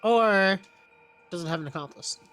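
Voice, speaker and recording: A man's voice: sits high, unhurried, sharp tone, faint music behind. A man co-hosting a live stream, chatting casually and joking about his computer. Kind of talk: casual chat.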